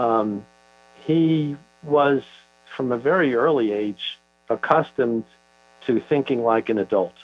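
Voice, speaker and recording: Older guy, author in an interview, slow halting storytelling, muffled audio with a hum in it. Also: mid-range voice. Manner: thoughtful, halting storyteller with frequent fillers. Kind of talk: conversational interview. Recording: dull lo-fi audio with mains hum.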